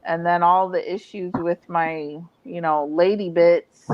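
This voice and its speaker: A woman's voice: lowish voice, fairly even intonation, a little slow, no room sound, muffled recording. A woman in casual chat among friends, speaking candidly and matter-of-factly. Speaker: channel host.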